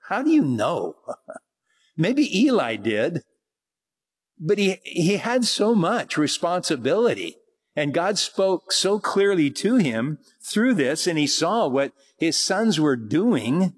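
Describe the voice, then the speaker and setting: A man's voice: fairly high pitch, very animated, husky. A man preaching a sermon, reading scripture and explaining it with growing emphasis. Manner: slow, earnest Bible teaching, rising to emphatic preaching. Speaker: pastor.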